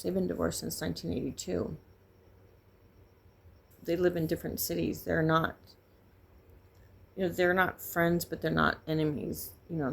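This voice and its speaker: Middle-aged woman, low raspy vlogger voice, halting and grief-stricken as she shares her story. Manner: halting, grieving, emotionally raw. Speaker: vlogger sharing a personal story. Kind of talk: candid personal testimony.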